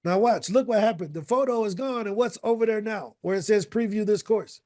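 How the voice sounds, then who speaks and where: A man coaching an online course group on a casual video call, energetic and repetitive, checking in with "right?" between points. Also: high voice, fairly quick.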